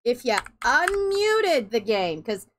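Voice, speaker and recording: A woman's voice: fairly high pitch, big pitch swings, slow pace, fairly bright tone. A woman chatting casually on a game stream, goofy and rambling, swearing as she goes. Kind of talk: casual live-stream chat.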